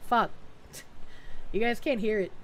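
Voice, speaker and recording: An American woman streaming casually, reacting excitably, swearing and laughing often. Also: on the high side, measured pace, a little hiss or hum. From United States.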